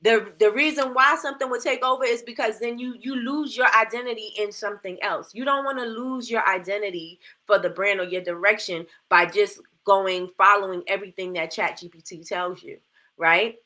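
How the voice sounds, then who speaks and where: A woman's voice: medium pitch, steady tone, brisk, bright, forceful tone. A woman hosting a casual livestream, coaching her audience in a chatty way with lots of rhetorical questions and repeated phrases, her mouth dry from a new retainer. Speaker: livestream host.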